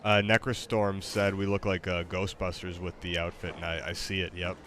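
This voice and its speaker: Deep-voiced man, laid-back halting gamer chat, noisy stream mic. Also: little pitch movement. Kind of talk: casual chat while gaming.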